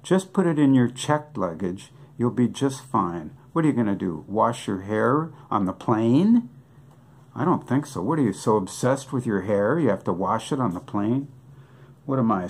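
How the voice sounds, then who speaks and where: A man's voice: lowish voice, darkish tone. An older man doing a joking comic monologue, asking rhetorical questions and answering them himself in a wry way. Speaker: comic songwriter.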